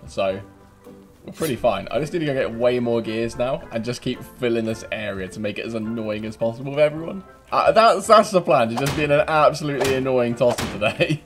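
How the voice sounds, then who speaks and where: A young British man giving cheeky gameplay commentary, laughing often and breaking into loud taunting yells. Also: medium pitch. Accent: British English. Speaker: gaming YouTuber.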